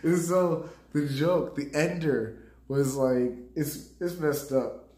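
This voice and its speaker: A man's voice: fairly high pitch, takes it slowly, warm tone. A man streaming live, casually rambling about a comedy set, laughing often and talking to his chat. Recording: roomy echo.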